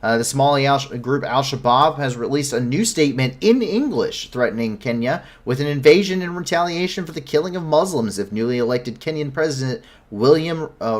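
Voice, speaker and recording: A man's voice: medium pitch, lively intonation, a little fast, few pauses. A man hosting a live news show, giving commentary with frequent self-corrections and blunt, incredulous asides.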